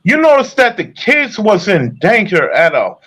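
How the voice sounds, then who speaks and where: Husky guy going off, high voice swinging everywhere, cussing in disbelief. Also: wildly swooping pitch, normal speed, fairly bright tone. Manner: heated, incredulous, swears a lot. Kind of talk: casual profane commentary.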